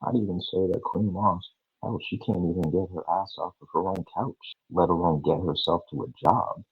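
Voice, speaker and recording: A man's voice: deep voice, fairly even intonation, moderate pace, husky, no room sound, soft background music. A man on a livestream, ranting in a sarcastic, mocking and profane way. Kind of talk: livestream rant. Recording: tinny phone-like, dry.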